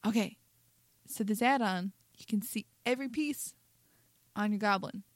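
A woman's voice: mid-range voice, normal speed, dry recording. A woman with a Southern US accent co-hosting a casual podcast, dry and matter-of-fact. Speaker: podcast co-host.

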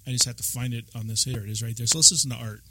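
A man's voice: mid-range voice, steady tone, racing, bright, forceful tone, low-quality recording. A man hosting a podcast, chatting casually with guests and laughing often. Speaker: podcast host. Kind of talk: casual chat.

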